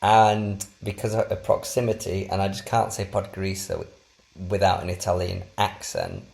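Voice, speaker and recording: A man's voice: low voice, flat delivery, moderate pace, creaky, darkish tone. A man co-hosting a podcast, rambling and poking fun at himself in a casual travel chat. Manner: rambling, self-deprecating. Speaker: podcast co-host.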